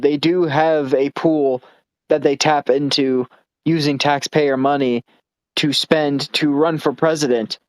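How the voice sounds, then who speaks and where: A man co-hosting a comedy podcast, trading loose banter full of dry, sarcastic asides. His voice is smooth and resonant and sits a bit high for a man. The recording is close and dry. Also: a little mellow, dry recording, rough recording. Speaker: podcast co-host. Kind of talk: casual comedic chat.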